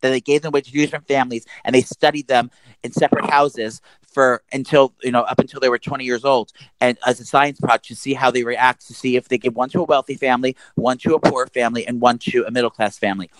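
A man around forty, co-hosting a casual podcast chat and telling stories quickly, with crude language and loud acted-out quotes. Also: medium pitch, steady tone, no room sound, poor audio. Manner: rapid, profane storytelling with loud acted-out quotes. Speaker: podcast co-host.

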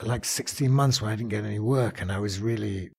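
A man's voice: fairly low pitch, a little fast. A man, an actor, talking casually in an interview, rambling and self-mocking with restarts. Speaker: actor and songwriter guest.

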